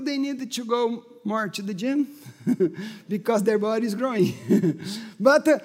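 High-voiced pastor preaching fervently, hall reverb. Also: male voice. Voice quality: non-native English, slightly broken grammar. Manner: fervent preaching, often shouting and laughing. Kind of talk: sermon. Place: church hall.

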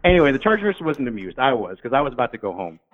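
A man casually telling funny stories from his paramedic work, acting out the people he met in high voices. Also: rapid-fire. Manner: animated, acts out drunk patients in high voices. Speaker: guest, former paramedic. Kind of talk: casual storytelling. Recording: tinny phone-like sound.

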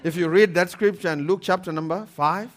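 High-voiced man preaching emphatically. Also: brisk. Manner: animated, emphatic preaching with laughs and repetition. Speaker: pastor. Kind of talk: sermon.

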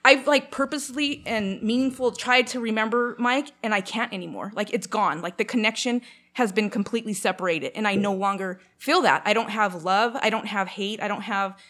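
Talking a little fast with a medium-pitched voice, a young woman from Canada tells a long, casual personal story. Her manner is animated, with frequent fillers and performed quotations.

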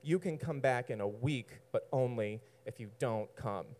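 A man's voice: medium pitch, measured pace, darkish tone, lightly acted. A cold, bossy dominatrix as a man quotes her. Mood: haughty. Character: bossy, haughty dominatrix woman, cold and mean.

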